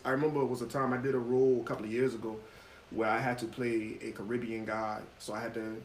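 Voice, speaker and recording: A man's voice: mid-range voice, fast talker, slight background noise. Man talking in an echoey room. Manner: relaxed, storytelling, many fillers. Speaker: guest actor and author. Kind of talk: casual interview talk.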